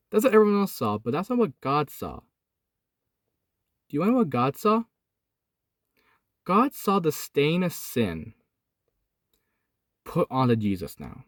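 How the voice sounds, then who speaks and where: A young man recording in his van, casually retelling a Bible story, swinging from excited to hushed and solemn. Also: fairly high pitch, no echo, studio quality. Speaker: host. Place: inside a van.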